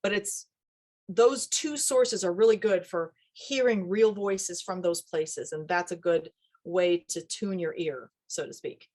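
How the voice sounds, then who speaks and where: A woman dialect coach talking casually in an interview, animated and acting out little quoted voices as she explains. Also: lowish voice, measured pace. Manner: animated, acts out quoted voices, laughs often.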